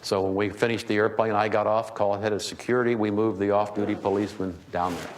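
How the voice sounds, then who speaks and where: A man's voice: on the low side, steady tone, fast talker, slight background noise. An older man, a keynote speaker, telling folksy, humorous business anecdotes to an audience. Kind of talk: storytelling talk. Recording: reverberant hall, faint ambience.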